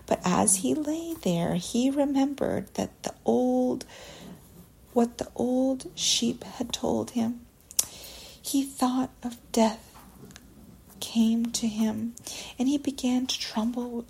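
やや高めの声でゆっくり絵本を囁き読みする女性、息の多いかすれ声. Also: female voice, fairly high pitch, creaky, breathy edge, poor audio. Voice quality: soft whisper. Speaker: storyteller. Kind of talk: whispered storybook reading.

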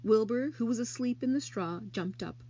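Husky-voiced woman reading a story. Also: on the high side, normal speed, lo-fi sound. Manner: expressive storytelling. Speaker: narrator. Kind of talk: reading a children's novel aloud.

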